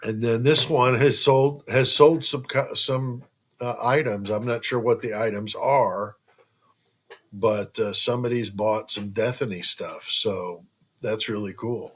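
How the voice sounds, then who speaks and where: A man's voice: on the low side, steady tone, unhurried. A man hosting a casual true crime live stream from home. He rambles and jokes, with lots of fillers and restarts.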